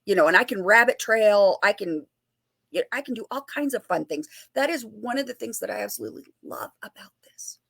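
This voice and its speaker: Animated woman paranormal investigator. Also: mid-range voice, brisk, gravelly, slightly rough. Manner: animated, playful, acts out quoted lines. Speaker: paranormal investigator and author, guest. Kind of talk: casual interview chat.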